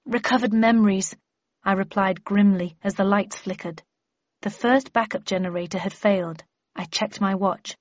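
Woman narrator, first-person novel reading, steady and wry, medium pitch, dry lo-fi recording. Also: normal speed, no echo. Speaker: audiobook narrator.

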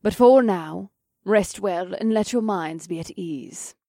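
A formal, authoritative headmistress, put on by a male narrator, pitched well above his own register. The tone is breathy, and the recording is dry and close. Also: slow, dark tone, no room sound, exaggerated voice. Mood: commanding. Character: commanding female headmistress, composed.

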